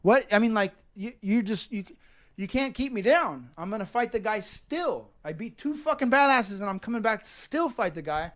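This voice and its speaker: A man in his thirties from Northern California gives a documentary interview in a fairly high voice. He rambles and swears, restarting sentences and circling back on his own words as he works through his thoughts. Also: lively intonation, normal speed, fairly bright tone. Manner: rambling, profane, many restarts and repeats. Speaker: professional fighter.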